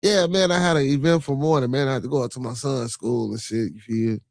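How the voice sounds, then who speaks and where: Here the livestream podcast host, a middle-aged man with a Chicago accent, has a medium-pitched voice with fairly even intonation and a slightly quick pace, recorded without echo. His casual monologue is loose and full of swearing, and he keeps checking in with the listener, repeating "you feel me" nearly every time.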